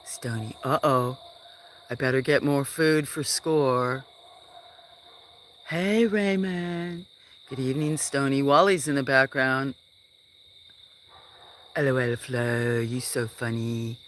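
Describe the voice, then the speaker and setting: A farm live streamer chatting outdoors at night, rambling through stories and often dropping to a hush. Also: mid-range voice, level tone, unhurried, slight background noise. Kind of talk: casual live-stream chat. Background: crickets chirping.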